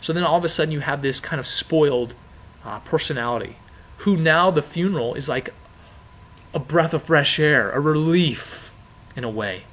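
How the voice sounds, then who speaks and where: A man's voice: a little high, moderate pace, fairly bright tone, poor audio. A man teaching a lesson in an informal, conversational way, repeating key phrases with frequent fillers. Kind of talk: informal classroom explanation.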